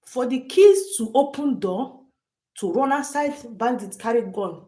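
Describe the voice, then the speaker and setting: A woman's voice: mid-range voice, expressive, normal speed, warm tone. Brief: woman, live-stream host talking straight to chat, emphatic, repetitive delivery. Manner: emphatic, repeats phrases, addresses chat directly. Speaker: livestream host.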